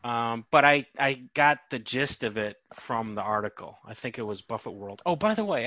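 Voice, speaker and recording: A man's voice: medium pitch, expressive, normal speed, hardly any pauses, bright, forceful tone, no room sound, lo-fi sound. A man co-hosting a podcast, telling a story in a rambling, amused way with many restarts. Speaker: podcast co-host. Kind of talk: casual chat.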